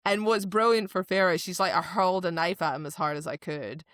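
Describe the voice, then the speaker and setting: A woman co-hosting a casual book podcast, animated and acting out characters' lines as she retells the story. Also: on the low side, brisk, no room sound, clean studio sound. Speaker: podcast co-host. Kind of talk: casual book-club chat.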